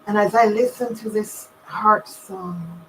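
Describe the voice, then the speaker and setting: A woman from Barbados leading a calm, meditative invocation prayer. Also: mid-range voice, slow, a little hiss or hum, poor audio. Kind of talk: slow guided prayer.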